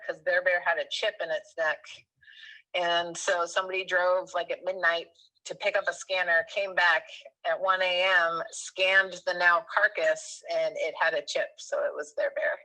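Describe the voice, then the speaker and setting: A woman in her thirties, a guest telling a personal story in a casual, animated way, rambling with fillers and correcting herself. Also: lowish voice, moderate pace, low-quality recording.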